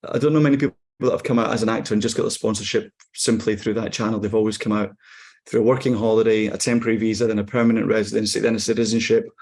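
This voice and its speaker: A Scottish actor in his forties, chatting in an interview in a relaxed, wry way with frequent ums and restarts. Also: on the low side, rapid-fire. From Scotland. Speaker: actor guest. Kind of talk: casual interview chat.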